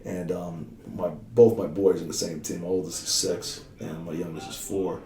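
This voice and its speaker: A man's voice: deep voice, normal speed, slight background noise. A man in his thirties, a strength and conditioning coach, chatting on a podcast and acting out bits of dialogue as he tells stories. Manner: animated storyteller who acts out dialogue. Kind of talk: casual podcast conversation. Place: office. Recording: echoey office, mic at a distance.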